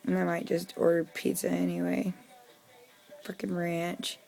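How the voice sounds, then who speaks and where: Weary, gravelly-voiced young woman venting. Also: fairly low pitch, monotone, a little slow, dark tone, faint music behind. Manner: profane, irritable venting with frequent fillers. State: low and weary. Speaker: vlogger. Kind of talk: casual personal vlog.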